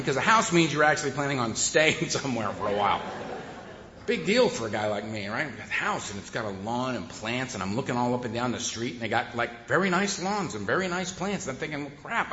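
A man's voice: mid-range voice, lively intonation, quick pace, sharp tone, slight background noise. A man speaking at a recovery meeting, telling his own story in a wry, conversational way and often laughing. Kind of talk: humorous personal storytelling. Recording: echoey hall, dull sound.

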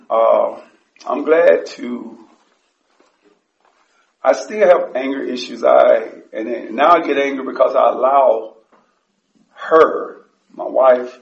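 Gravelly man sharing from afar. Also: mid-range voice. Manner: blunt and profane, voice rises when excited. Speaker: recovery group member sharing. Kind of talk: personal share at a support meeting. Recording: echoey room, distant dull mic.

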